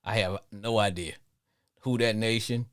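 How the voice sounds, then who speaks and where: A middle-aged man hosting a live sports call-in show, rambling and repeating himself as he talks, with frequent chuckles. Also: measured pace. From Arkansas, with Louisiana family. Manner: rambling, repeats words, laughs often, lively swings in pitch. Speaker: podcast host.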